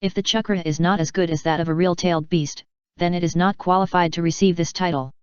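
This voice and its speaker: A woman reading a fan fiction novel aloud as an audiobook narrator, in an even, smooth scripted narration. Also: on the low side, fast, no echo, dull audio.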